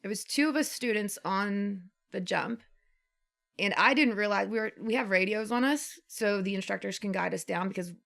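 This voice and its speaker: Young female podcast co-host with light vocal fry, loose chatty storyteller. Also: mid-range voice, moderate pace, fairly bright tone. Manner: rambling storyteller, laughs often, lots of fillers. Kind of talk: casual chat.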